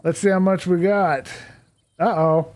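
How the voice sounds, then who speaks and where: A man's voice: high-pitched, fairly even intonation, measured pace, darkish tone. A man live-streaming a building game, talking casually as he works things out and laughing at himself. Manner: chatty, thinks aloud, self-deprecating.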